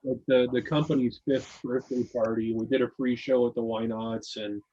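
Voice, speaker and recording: Husky man rambling through a story. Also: medium pitch, fairly even intonation, normal speed, mellow, lo-fi sound. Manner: rambling, many restarts and fillers. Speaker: podcast guest reading his own article. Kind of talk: casual storytelling.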